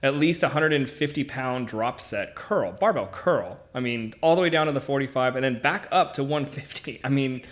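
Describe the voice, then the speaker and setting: A male podcast host speaks at an ordinary, middle pitch. He is encouraging and reflective, praising his guest and looking back on shared moments in easy conversation. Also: lively intonation, normal speed, hardly any pauses. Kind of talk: casual conversation.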